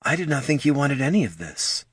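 Man voicing a steady orc sister, soft, measured, slightly raised voice, storybook. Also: medium pitch, no echo, studio quality, voice pushed up. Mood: earnest.

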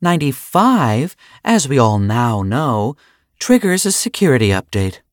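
A man's voice: medium pitch, sing-song, a little slow, no room sound, studio quality, pitched above the performer's own voice. A man voicing a sly, sarcastic woman doctor who runs a hospital, talking in a mock-innocent, sing-song way. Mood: faux helpful.

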